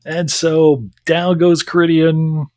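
A man's voice: on the high side, flat delivery, slow pace, a little mellow, dry recording, clean studio sound. A man co-hosting a podcast, retelling an episode in casual chat with mock quotes and frequent laughter. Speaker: podcast co-host.

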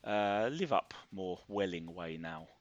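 A man's voice: sits low, lively intonation, measured pace, dry recording, lo-fi sound. A Cockney man co-hosting a podcast, wry and self-mocking in easy chat. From East London, England. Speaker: podcast co-host.

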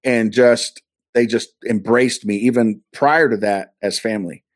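A man's voice: medium pitch, steady tone, unhurried, no room sound, clean studio sound. A man from California, an interview guest, earnestly telling a personal testimony and acting out the dialogue he quotes. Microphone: video call.

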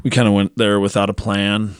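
Low-voiced man rambling a travel story. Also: flat delivery, fairly quick, smooth, dry recording, studio quality. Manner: rambling, filler-heavy storytelling. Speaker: podcast co-host. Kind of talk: casual chat.

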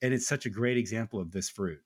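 A man's voice: lowish voice, fast talker, husky. A man co-hosting a podcast, talking about faith in an earnest, conversational way and often checking in with "right?". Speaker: podcast co-host. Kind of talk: casual faith discussion.

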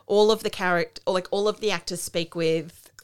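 Chatty Australian woman, lowish voice. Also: steady tone, moderate pace, clear, resonant tone. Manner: chatty, recaps plots, blunt asides. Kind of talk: casual chat.

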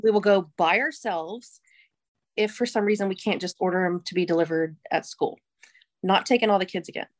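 A woman's voice: mid-range voice, fairly quick. Chatty laughing woman podcast co-host. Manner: chatty, laughs often, trails off mid-sentence. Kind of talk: casual chat.

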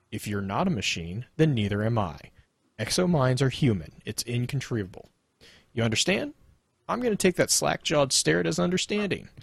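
A man's voice: medium pitch, slightly rough, dry recording. A man reading aloud as a smug, condescending male robot soldier who lectures sardonically. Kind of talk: dramatic lore reading.

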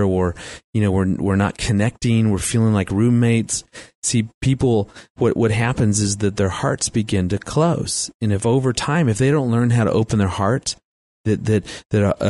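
A man's voice: on the low side, darkish tone, dry recording. A middle-aged man speaking on marriage and family, telling stories with a chatty manner, laughing often and restarting sentences. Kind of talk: storytelling talk with faith references.

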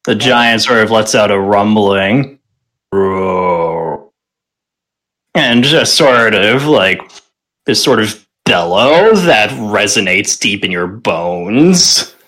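A man's voice: on the low side, expressive, slow, fairly bright tone. A man narrating a tabletop game as game master, rambling with many fillers.

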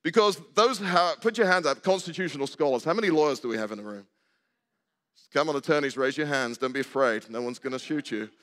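In a church sanctuary with long hall reverb, an older preacher delivers a chatty sermon, putting questions to the congregation and trading jokes. He talks fast in a fairly high, slightly bright voice.

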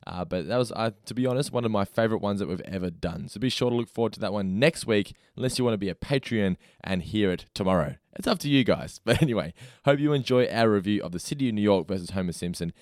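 A man co-hosting a casual podcast, chatty and brisk. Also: lowish voice, a little mellow, no echo, clean studio sound. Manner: brisk, chatty, laughs often. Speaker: podcast co-host.

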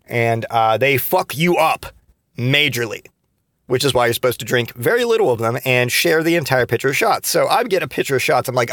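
A man's voice: mid-range voice, expressive, brisk, fairly bright tone, no room sound, clean studio sound. A man in his thirties telling rambling, profane stories from his past in a casual podcast monologue, full of restarts and fillers. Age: 30s. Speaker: podcast host.

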